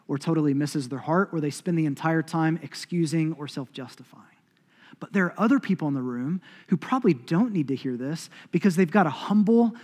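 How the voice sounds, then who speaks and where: Preaching man in a reverberant hall. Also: on the high side. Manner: conversational, voices inner thoughts in quotes, builds to loud emphatic climax. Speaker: pastor. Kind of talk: sermon. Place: church sanctuary.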